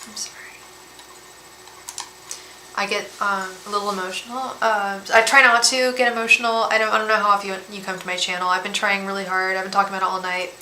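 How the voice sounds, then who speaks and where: A woman reading tarot cards on a live stream, talking gently and emotionally, often repeating and restarting her words. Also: mid-range voice, flat delivery, fast, hardly any pauses. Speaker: tarot reader and psychic medium. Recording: echoey room with faint background hiss.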